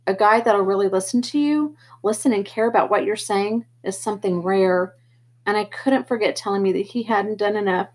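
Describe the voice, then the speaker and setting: Breathy woman reading a novel aloud. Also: mid-range voice, normal speed. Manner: plain, steady reading with small slips. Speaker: audiobook reader. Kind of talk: first-person novel narration.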